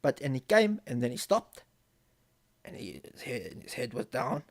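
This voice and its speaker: A man's voice: mid-range voice, sing-song, moderate pace, vocal fry. A man casually telling a story on a live stream, swearing often and repeating phrases as he builds tension. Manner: profane, vivid storyteller who repeats phrases.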